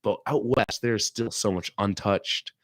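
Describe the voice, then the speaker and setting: An excitable young man from Maine hosts a casual chat and talks in easy slang. His voice sits low and sounds dry and close. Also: a little slow, no echo. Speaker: host.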